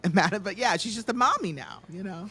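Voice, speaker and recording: A woman guest on a gossip podcast talks at a middle pitch. She is talkative and keeps restarting her sentences as her thoughts run ahead. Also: lively intonation, quick pace, a crowd in the background. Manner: talkative, self-interrupting with restarts. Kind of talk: casual pop-culture chat.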